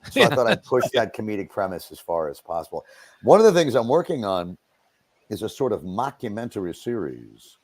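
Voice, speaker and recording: A middle-aged man with a low voice talks on a studio mic. His delivery is lively and swings widely, and the sound is dry and close, with little room around it. He comes across as relaxed and self-deprecating, pausing often with fillers. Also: no echo. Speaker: guest, voice actor. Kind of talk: radio interview.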